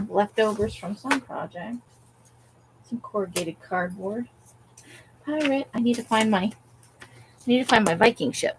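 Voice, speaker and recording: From her craft space at home, a woman hosts a casual crafting livestream, rambling and talking to herself while digging through her supplies. Her voice is medium-pitched and creaky, and there's noise in the background.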